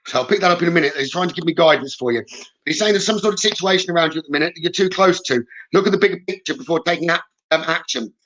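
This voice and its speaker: Brisk, bright-voiced man giving readings. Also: a little high, rough recording. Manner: reassuring, frequent "okay?" check-ins, relays messages. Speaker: psychic medium. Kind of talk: live-streamed spirit reading.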